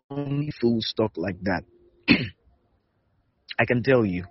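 A man preaching a sermon as a pastor, repeating short exhortations and asking his listeners if they are listening. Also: mid-range voice. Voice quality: husky. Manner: repetitive, emphatic exhortation with rhetorical questions. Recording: dull lo-fi recording.

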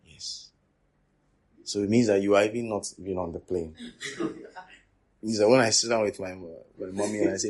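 A man delivers a teaching sermon in a lowish, husky voice. He repeats key phrases for emphasis and swings between forceful declarations and quiet, breathy asides. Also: steady tone, moderate pace, pauses often. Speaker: preacher.

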